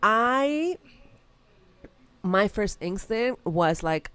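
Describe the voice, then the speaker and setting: Low-voiced woman chatting hesitantly. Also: lively intonation, moderate pace. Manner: hesitant, searching for words. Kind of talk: casual chat. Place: studio.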